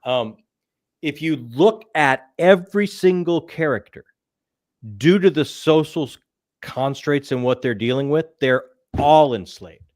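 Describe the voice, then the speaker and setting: A man hosting a casual live book discussion, earnest and halting, restarting his sentences often. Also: a little high, darkish tone.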